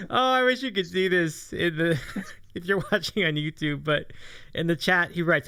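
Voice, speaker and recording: A man's voice: a little high, unhurried, pushed and bright, smooth, no echo. A man hosting a casual live stream, chatty and laughing often. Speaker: host.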